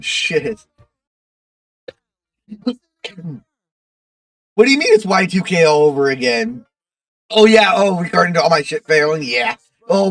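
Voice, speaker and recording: A man's voice: sits high, no echo, distant mic. A man chatting casually on his livestream, rambling to his chat with lots of fillers.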